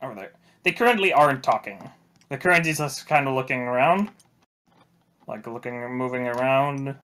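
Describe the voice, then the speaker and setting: Man, game master, bright tone, stop-start narration. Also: medium pitch. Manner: halting, full of restarts and fillers.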